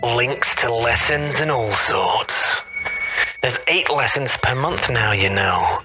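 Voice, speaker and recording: Slow menacing male promo narrator. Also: mid-range voice, expressive, rough recording. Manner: slow, menacing storyteller delivery. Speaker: intro narrator. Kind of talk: spooky dramatized promo narration. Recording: clear music bed behind voice. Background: music.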